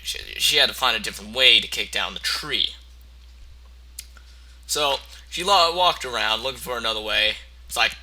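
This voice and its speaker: Gravelly crude rambling man. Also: mid-range voice, moderate pace, long pauses, pushed and bright, poor audio. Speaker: parody storyteller. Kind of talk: mock audiobook reading.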